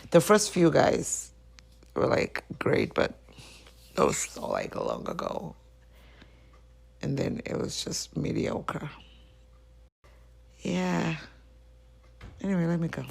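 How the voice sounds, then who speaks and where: A woman's voice: low voice, wildly swooping pitch, slow pace, creaky, long pauses, slightly rough. A woman hosting a podcast, talking candidly and emotionally about a past relationship in a confessional monologue. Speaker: podcast host.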